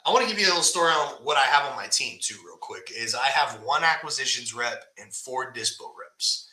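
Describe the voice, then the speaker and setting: A man's voice: mid-range voice, lively intonation, fairly quick, sharp tone, echoey room, poor audio. A man hosting a casual live stream, talking bluntly and often tagging "right?" onto his points. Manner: blunt, conversational, fillers like "right?".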